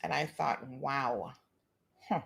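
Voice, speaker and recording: Woman, talk show host, animated storytelling, mid pitch. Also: moderate pace. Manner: animated, acts out quoted dialogue, laughs. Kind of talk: casual monologue, storytelling.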